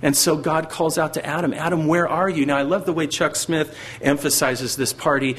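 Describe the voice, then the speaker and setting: This middle-aged pastor preaches an earnest sermon, now and then acting out the voices of biblical figures such as God and Satan. He speaks at normal speed in a slightly high, fairly even voice with a fairly bright, breathy tone.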